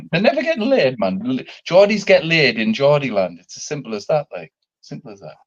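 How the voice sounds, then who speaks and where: A man with a north-eastern English accent, chatting in an animated, laughing way with lots of swearing. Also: fairly high pitch, moderate pace. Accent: North East English. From North East England. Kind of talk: casual chat. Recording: dull lo-fi sound.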